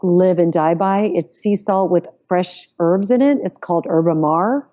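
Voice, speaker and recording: Mellow woman guest on lo-fi audio. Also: fairly low pitch, a little slow. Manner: enthusiastic, emphatic praise. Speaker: podcast guest. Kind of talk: casual conversation.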